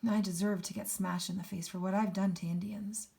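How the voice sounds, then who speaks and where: A woman reading as Mister P, hushed earnest teacher. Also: mid-range voice, level tone, brisk, creaky, natural voice. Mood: intense. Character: earnest older male teacher, guilt-ridden.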